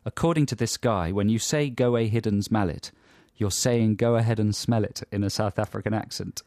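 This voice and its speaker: A man's voice: on the low side, moderate pace, a little mellow, dry recording, clean studio sound. A man co-hosting a radio show, laughing often and teasing in casual chat. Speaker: radio co-host.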